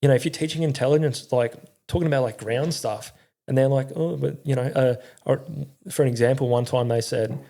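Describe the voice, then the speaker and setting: A young man speaks in a gravelly, mellow voice with little rise and fall. He tells his story candidly in an interview. His speech is halting and full of fillers, with frequent swearing. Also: mid-range voice, fairly even intonation. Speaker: podcast guest, army veteran.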